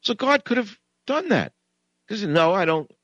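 A man's voice: sits high, sing-song, unhurried, a bit bright, no room sound, lo-fi sound. A man hosting a talk radio show, lecturing his listeners in a combative, sarcastic monologue.

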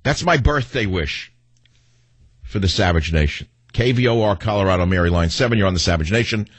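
A man's voice: low-pitched, lively intonation, a little fast, no echo. A middle-aged man hosting a talk radio show, ranting combatively and taking calls. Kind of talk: talk radio monologue and call-in.

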